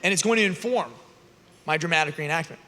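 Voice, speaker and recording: In a large conference hall with the long reverb of a big venue, a man with a slightly high voice speaks quickly at a youth conference. He retells a scripture story with humor, animated and joking as he acts out the characters.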